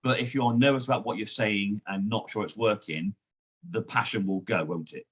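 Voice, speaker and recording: A man, a sales trainer and guest, coaching in a lively, emphatic way. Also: on the low side, brisk, husky. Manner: lively, emphatic coaching with frequent "you know". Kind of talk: coaching conversation.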